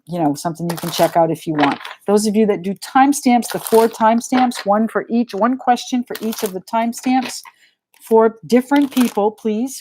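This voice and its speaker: A woman's voice: medium pitch, darkish tone, a little hiss or hum. A middle-aged woman with a New England accent giving a live tarot reading in a chatty, frank and joking way. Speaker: tarot reader.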